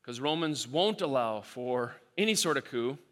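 A man preaching a sermon, animated and repeating himself as he acts out quoted voices. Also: mid-range voice, moderate pace. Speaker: pastor. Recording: long hall reverb.

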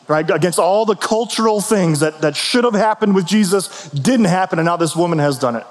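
A man gives a sermon in a relaxed, conversational manner, asking rhetorical questions and circling back over his own phrases. His voice sits fairly high for a man. The sound carries a long reverb, as if from a large hall. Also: fairly quick, few pauses. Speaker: pastor.

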